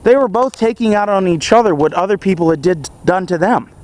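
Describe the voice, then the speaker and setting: High-voiced young man giving earnest advice. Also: a little fast. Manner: earnest and animated, with frequent chuckles. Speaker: vlogger. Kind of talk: casual self-help monologue.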